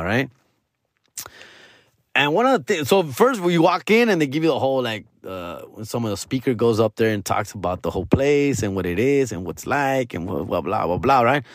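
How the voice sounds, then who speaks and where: A man, hosting a podcast and telling a story in a casual, animated way, full of slang and swearing and dropping into Spanish. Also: medium pitch, dry recording, studio quality. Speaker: podcast host.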